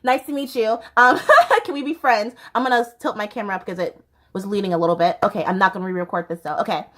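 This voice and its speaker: A woman's voice: medium pitch, fast, pushed and bright. A young American woman hosting her own vlog, chatting in a bubbly, casual way with frequent laughter and fillers. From United States. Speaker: YouTube host.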